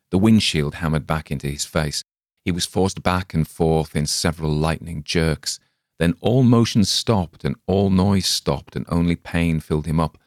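A man with a very deep voice narrates a dark short story in a measured, dramatic way. The recording is dry and close, with no room sound. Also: dry recording.

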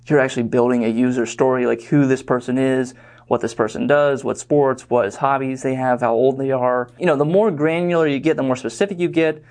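Young male instructor, mid pitch, casual, filler-heavy lecture delivery. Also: fairly even intonation, a little fast, a little mellow. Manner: rambling, filler-heavy, conversational. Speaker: online course instructor.

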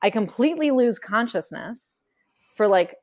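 A woman's voice: a little high, lively intonation, moderate pace, a little mellow. A woman speaking frankly in a casual conversation, chatty, acting out quotes as she tells her story. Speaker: memoir author guest. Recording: podcast conversation.

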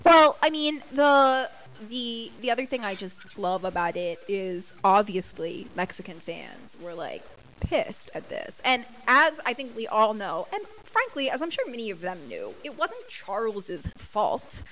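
A woman co-hosting a podcast in casual, excitable chat, swearing freely and slipping into quick impressions. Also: medium pitch, poor audio. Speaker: podcast co-host.

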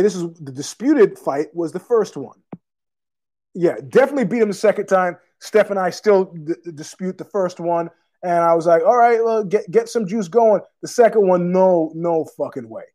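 A man's voice: sits high, moderate pace, darkish tone. A man hosting his own podcast, rambling through a profane, digressive monologue full of fillers, with a cough. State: has a cough. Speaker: podcast host.

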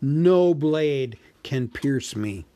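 A man voicing a huge boastful ancient male dragon who gloats slowly and menacingly. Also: animated, mellow. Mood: gloating. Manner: gloating, slow, booming.

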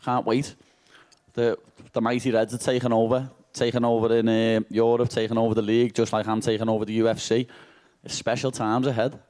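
A man's voice: medium pitch, level tone, a little fast, a little mellow. A man with a Liverpool accent answering press conference questions after a fight, brash and cheeky and swearing freely.

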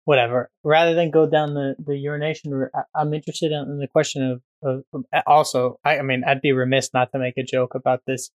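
A man's voice: mid-range voice, level tone, fast talker, hardly any pauses, no room sound. A man on a podcast, chatting casually in a rambling, profane, joking way. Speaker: podcast guest.

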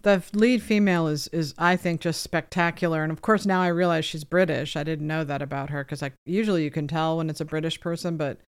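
A woman's voice: sits low, fairly even intonation, fast talker, few pauses, clear, resonant tone. An older woman co-hosting a podcast, giving direct, opinionated takes in casual film chat. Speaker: podcast co-host.

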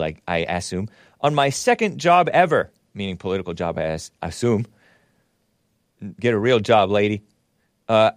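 A male talk show host reads and mocks posts in a sarcastic, chuckling way. His pitch jumps around a lot, and the sound is dry and close. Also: no echo. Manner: sarcastic, mocking, laughs often. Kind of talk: casual commentary.

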